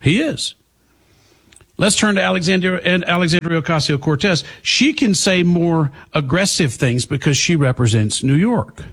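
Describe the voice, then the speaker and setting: Husky, sarcastic man hosting talk. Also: a little high, lively intonation, moderate pace, fairly bright tone. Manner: sarcastic, emphatic, talks back to clips. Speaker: political talk show host. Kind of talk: opinionated commentary.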